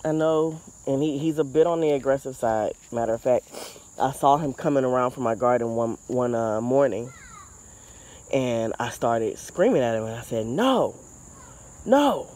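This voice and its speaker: A man's voice: mid-range voice, steady tone, moderate pace, a little mellow. A man vlogging outdoors in his home garden, venting his frustration and discouragement at garden pests. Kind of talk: casual vlog talk. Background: insects and outdoor ambience.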